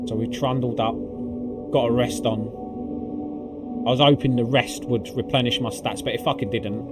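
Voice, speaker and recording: Background music accompanies a gaming video creator's mid-range, normal-paced recap of a video game climb. He's casual and excitable, swearing a lot and using plenty of fillers.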